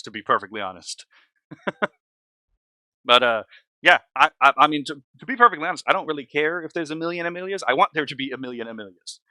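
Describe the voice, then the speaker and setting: Bright-voiced, rambling reaction host man. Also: medium pitch, smooth, no echo. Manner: rambling, filler-heavy, blunt and opinionated. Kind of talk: casual reaction commentary.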